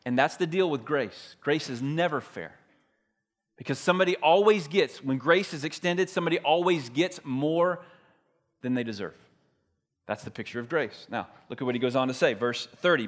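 A man's voice: fairly high pitch, normal speed. A man preaching a sermon as a pastor, retelling a story in a conversational, emphatic way.

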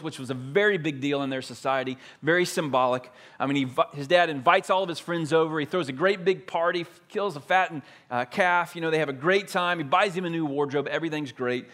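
A man's voice: a little high, fairly bright tone. A man preaching a sermon as a pastor, retelling a story in a conversational, emphatic way.

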